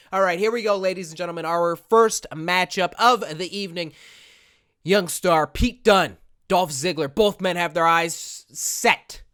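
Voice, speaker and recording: High-voiced excitable gaming commentator man. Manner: excitable, hypes up matches, stumbles over words. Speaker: gaming YouTuber. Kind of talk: gameplay commentary with mock wrestling announcing.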